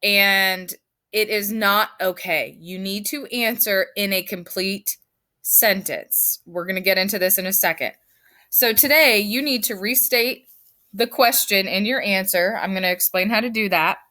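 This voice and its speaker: A woman's voice: medium pitch, unhurried, bright, forceful tone. A woman teaching her fifth grade class in a recorded lesson, firm and emphatic as she explains step by step.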